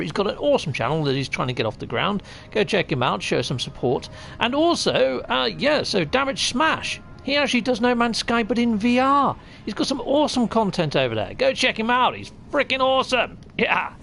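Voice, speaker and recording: A man's voice: sits high, sing-song, a little fast, vocal fry, fairly bright tone, slight background noise. A man hosting a live game stream, greeting chat viewers with jovial, theatrical flair and chatty asides. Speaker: gaming livestream host. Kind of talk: live gameplay commentary and chat shout-outs.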